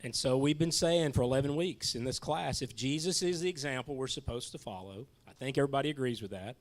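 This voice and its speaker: A man leading a Bible class discussion in a church classroom. His voice is mid-pitched, and he talks casually and kindly, often restarting his words. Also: fast talker. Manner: casual, stumbling restarts, friendly.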